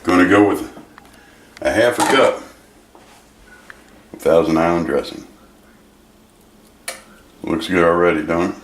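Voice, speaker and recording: Low-voiced guy doing a kitchen cooking show, folksy and jokey, echoey room with pots clanking. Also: a little slow, pauses often, a little hiss or hum. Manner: joking, rambling, folksy. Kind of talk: casual home cooking demo. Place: home kitchen. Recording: echoey kitchen, clear clatter of dishes.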